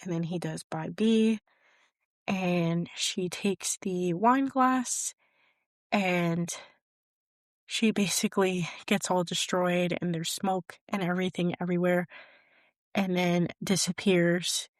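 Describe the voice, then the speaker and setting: A woman's voice: on the low side, fairly even intonation, slow pace, no room sound, clean studio sound. A young adult woman hosting a podcast, casually recapping a film in a chatty way full of fillers. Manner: chatty, leans on fillers like "basically" and "type of thing". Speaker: podcast host.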